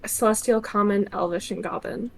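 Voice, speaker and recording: Woman player, hesitant, mid-pitched, faint noise. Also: vocal fry, low-quality recording. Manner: casual, hesitant, halting. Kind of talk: playing a tabletop game.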